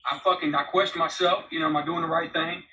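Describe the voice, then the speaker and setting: A man in his forties talks bluntly and rambles through his story, swearing freely in a very bright, forceful voice. He sounds distant and roomy, as if heard over a video call. The sound is a little dull. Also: a little high, steady tone, fast talker. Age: 40s. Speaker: interview guest, former prisoner. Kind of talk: candid storytelling interview. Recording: roomy, distant, slightly dull remote audio.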